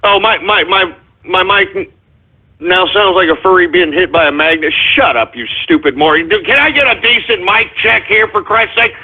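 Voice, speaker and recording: A man's voice: high-pitched, normal speed, slightly rough. Agitated man ranting over a tinny phone line. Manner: agitated, swearing, rambling with many fillers. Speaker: radio show host. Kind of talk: live call-in radio rant.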